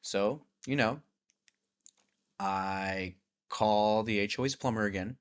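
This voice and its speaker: A man with a fairly low voice tells a long story in a loose, casual vlog style. He swears freely and acts out each side of the conversations as he goes. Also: slow, clear, resonant tone. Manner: animated, profane, acts out conversations. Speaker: vlogger.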